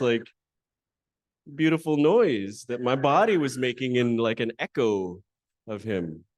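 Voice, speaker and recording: A man's voice: medium pitch, dry recording, clean studio sound. A man emceeing a conference, introducing a panel and then telling a candid, self-deprecating personal story to a live audience in a conversational way. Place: conference hall.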